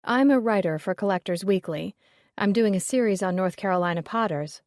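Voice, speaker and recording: A woman's voice: mid-range voice, brisk, a little mellow, no echo, clean studio sound, close to an everyday voice. A woman voicing a curious, polite young woman who speaks plainly. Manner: plain, polite, matter-of-fact. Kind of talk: audiobook character reading.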